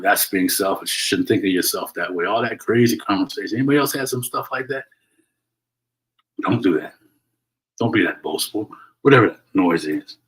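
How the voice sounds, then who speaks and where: Speaking solo from home on a motivational livestream, this middle-aged male host has a low, slightly bright voice, and the audio quality is poor. He talks earnestly and in a preachy way, repeatedly adding "right?" after his points and restarting as he goes.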